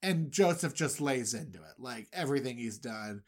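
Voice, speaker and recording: A woman's voice: rumbling low, animated, normal speed. A woman co-host retelling a Bible story as rambling comic riffs full of asides. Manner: rambling, riffing with many voices. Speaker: podcast co-host.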